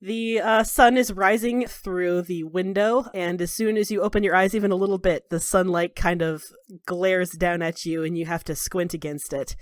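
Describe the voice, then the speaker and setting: A woman's voice: on the low side, fairly even intonation, moderate pace, no room sound, studio quality. A woman running a tabletop game as game master, narrating with a playful, giggly manner.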